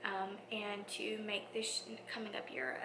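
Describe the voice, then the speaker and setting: A woman schoolteacher talking in a reflective vlog, soft and heartfelt, often dropping to a near whisper. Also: mid-range voice, measured pace, noisy background. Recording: echoey room.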